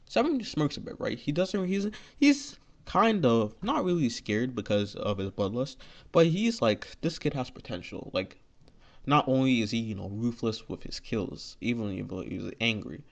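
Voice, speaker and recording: A man's voice: mid-range voice, lively intonation, moderate pace, vocal fry. A man improvising a fan story aloud, rambling and filling gaps with "you know" and "like.". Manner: rambling, heavy with 'you know' and 'like'. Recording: dull lo-fi recording.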